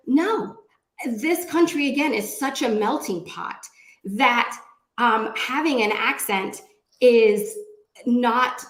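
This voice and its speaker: A woman speaking as a panelist on a video call, animated and chatty, with lots of "like". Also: fairly high pitch. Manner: animated and chatty, many likes. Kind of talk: casual panel discussion. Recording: echoey room.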